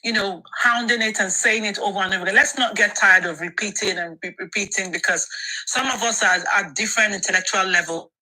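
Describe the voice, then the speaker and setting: A woman hosting an online discussion, brisk and affirming as she hands the floor to each speaker. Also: mid-range voice, sharp tone, low-quality recording. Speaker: host.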